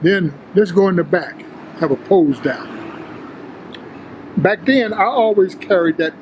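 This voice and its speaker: An older man, an interview guest, telling prison and gym stories in a streetwise, profane, animated way, acting out the others' lines. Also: sits high, unhurried, muffled recording, a little hiss or hum. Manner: streetwise, profane, animated retelling with quoted voices. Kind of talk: casual storytelling.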